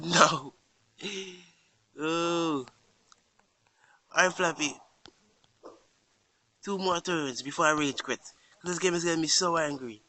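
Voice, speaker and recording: A man hosting casual gameplay commentary, excitable, chatting to the game character and crying out in dismay. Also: a little high. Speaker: gaming channel host.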